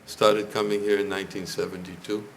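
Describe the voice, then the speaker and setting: An older man giving a temple lecture, hoarse and losing his voice, speaking haltingly and often clearing his throat. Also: on the low side, little pitch movement, slight background noise. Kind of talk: lecture to a congregation. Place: temple hall.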